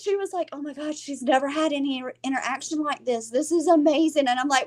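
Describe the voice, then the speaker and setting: A woman's voice: high voice, quick pace, hardly any pauses. A middle-aged woman, telling a family story in casual chat and acting out the voices of the people in it. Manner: animated, acts out quoted voices, laughs often. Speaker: podcast co-host.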